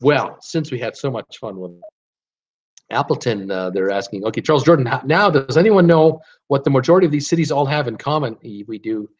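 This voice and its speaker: Over dull, lo-fi stream audio, a man hosts a casual live trivia stream. His medium-pitched voice is expressive and brisk, and he stays upbeat while reading viewer guesses and giving hints.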